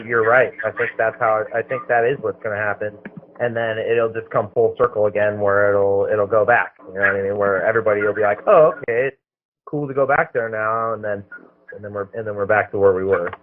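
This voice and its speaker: Agreeable low-voiced man on a phone line. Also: little pitch movement, a little fast. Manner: agreeable, builds on others' points. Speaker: panel guest. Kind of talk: casual panel talk.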